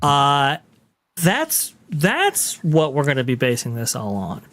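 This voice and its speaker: A podcast host chatting casually on a livestream, halting and giggly with many restarts. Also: medium pitch, huge pitch swings, fairly bright tone.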